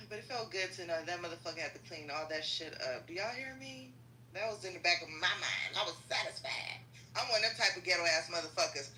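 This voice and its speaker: A woman telling a profane, slangy comedic story in an animated rant, as a podcast host. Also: fairly low pitch, brisk, slight background noise. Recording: roomy echo.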